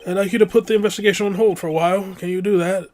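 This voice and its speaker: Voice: mid-range voice, steady tone, racing, a little mellow, slight background noise, natural voice. A player doing a smug, condescending ambassador. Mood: smooth. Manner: smooth, condescending, overly polite. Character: pompous scheming older male ambassador. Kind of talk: let's-play voice acting of game text.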